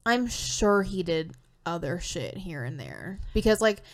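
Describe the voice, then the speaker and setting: A woman's voice: fairly low pitch, sing-song, unhurried. A young woman co-hosting a true-crime podcast, talking emotionally, swearing and saying "like" constantly. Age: young adult. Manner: emotional, swears, says "like" a lot. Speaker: podcast co-host.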